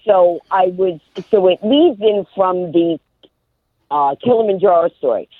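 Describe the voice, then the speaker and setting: A woman guest, a comedian and motivational speaker, telling a comic story at a rapid-fire clip on live radio and acting out the voices of the people in it. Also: fairly low pitch, no room sound. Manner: rapid-fire, animated, acts out quoted voices. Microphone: phone. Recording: tinny phone line.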